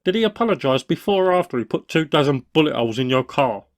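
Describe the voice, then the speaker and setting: A man's voice: on the high side, expressive, fast talker. A man voicing a sly young male neighbour, teasing and dryly sarcastic. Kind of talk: cartoon voice acting.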